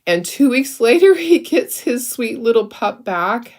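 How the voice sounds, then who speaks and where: A woman's voice: on the high side, big pitch swings, measured pace. A middle-aged woman hosting a craft livestream, chatting emotionally with many restarts while she works on her sample. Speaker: craft channel host.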